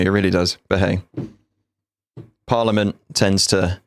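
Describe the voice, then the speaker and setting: Chatting with his livestream audience, a former soldier in his thirties banters frankly and swears a lot. His voice sits low and level at a measured pace, with a faint hiss or hum in the background.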